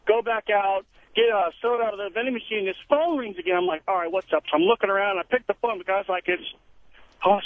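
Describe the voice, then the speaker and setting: A male truck-driver caller telling a story over the phone, acting out the dialogue. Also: sits high. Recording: muffled phone line with light noise.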